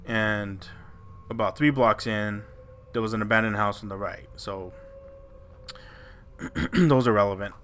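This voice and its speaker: A man's voice: on the low side, steady tone, a little slow, long pauses, a bit bright, slight background noise. Casual swearing male podcast storyteller. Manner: swearing, rambling retelling of a listener's story with restarts. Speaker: podcast co-host.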